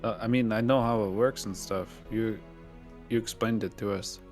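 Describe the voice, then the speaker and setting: A man's voice: on the low side, fairly even intonation, moderate pace, a little mellow, faint music behind. A man playing a tabletop game, joking and rambling in casual talk. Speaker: player.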